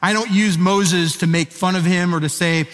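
Male pastor, conversational sermon delivery, slightly high voice. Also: fairly even intonation, normal speed. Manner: conversational storytelling, asks the audience questions. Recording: echoey hall.

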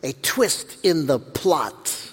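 Lively pastor preaching in a reverberant hall. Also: male voice, on the high side, takes it slowly, slightly rough. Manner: storytelling, acts out quoted voices with humor. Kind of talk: sermon. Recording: long reverb of a church hall.

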